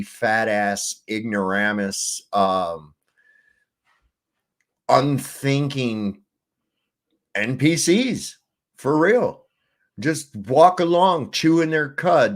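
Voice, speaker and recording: A middle-aged man giving crude, preachy, profane commentary as a show host. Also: on the low side.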